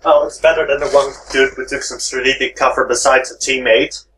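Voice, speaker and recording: A man of ordinary pitch chats alongside a let's play host. He tosses in sarcastic quips and questions in a loose, casual manner. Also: fairly even intonation, fairly quick, fairly bright tone, slight background noise, poor audio. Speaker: co-commentator. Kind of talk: casual gameplay chat.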